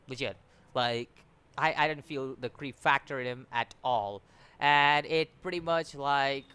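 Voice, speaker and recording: A man's voice: medium pitch, pushed and bright, smooth. A man giving a casual, rambling review, often restarting his sentences and sounding exasperated. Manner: rambling, repeats words, many restarts and fillers; exasperated, complaining. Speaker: anime reviewer.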